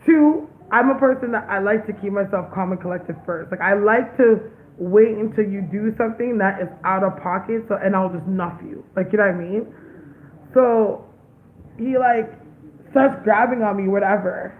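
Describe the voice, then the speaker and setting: A woman's voice: mid-range voice, normal speed. A young woman vlogger telling a story in a casual, blunt and profane way, with lots of emphasis. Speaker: psychic medium vlogger. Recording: tinny phone-like sound, faint hiss.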